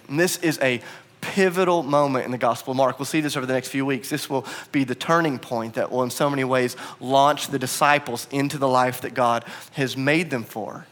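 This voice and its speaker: A man preaching a sermon as pastor, animated and acting out quoted lines with a raised voice. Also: mid-range voice. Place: bar used as church venue.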